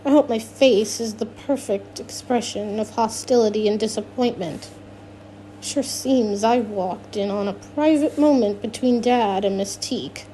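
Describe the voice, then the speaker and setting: A woman's voice: on the high side, a little slow, dark tone, slight background noise. A woman narrating a first-person novel, reading with frequent restarts and self-corrections. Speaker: audiobook narrator.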